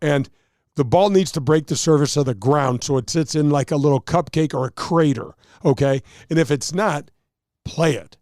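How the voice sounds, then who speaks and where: A man's voice: a little high, moderate pace, a little mellow, dry recording, clean studio sound. A man, a touring golf pro, explaining rules and telling stories in a casual chat, acting out quotes and laughing at himself.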